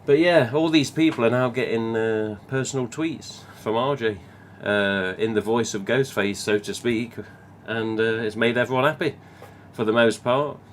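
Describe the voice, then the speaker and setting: Hosting a live stream, this English man with a Midlands accent reads out viewer comments and chats loosely, rambling and swearing now and then. He speaks at a moderate pace with few pauses and a medium pitch, over a faint hiss or hum.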